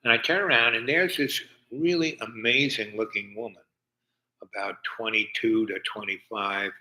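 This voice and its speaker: An older man from New York telling a long personal story in a halting way, full of fillers and restarts. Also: medium pitch, fairly even intonation, pushed and bright, poor audio. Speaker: storyteller host. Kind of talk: rambling personal anecdote.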